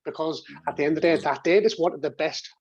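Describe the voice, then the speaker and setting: A man's voice: fairly high pitch, quick pace, husky, no echo. Chatty man, dull dry call audio. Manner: rambling, with frequent restarts and swearing. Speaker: interview guest. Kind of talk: casual storytelling. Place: home office and games room.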